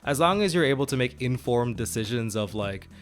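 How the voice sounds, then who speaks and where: A medium-pitched, animated man talks a little fast as co-host of a tabletop gaming podcast, chatting casually about role-playing. He laughs often and rambles through his points with plenty of fillers and restarts, while faint music plays underneath.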